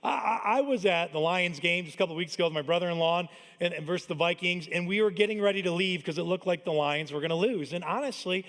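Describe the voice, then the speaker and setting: A man's voice: high-pitched, fast talker, hardly any pauses, fairly bright tone. A man in his thirties preaching a Christmas sermon as pastor, talking in a conversational way and telling family stories. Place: large church hall. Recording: long church-hall reverb.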